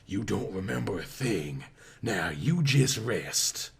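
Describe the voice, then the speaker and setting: Guy putting on a sweet breathy southern nurse lady, low and soft, slow and drawly. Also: animated, exaggerated voice. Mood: sweet, soothing.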